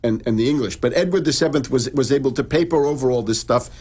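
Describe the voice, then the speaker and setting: Husky man lecturing in halting restarts. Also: mid-range voice, darkish tone. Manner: long halting explanations with many restarts. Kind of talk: lecturing conversation.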